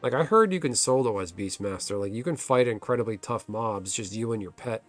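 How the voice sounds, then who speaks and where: A man's voice: lowish voice, expressive, brisk, soft background music. A man streaming a video game, chatting casually and telling a long story, swearing when the game crashes. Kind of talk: casual chat while gaming.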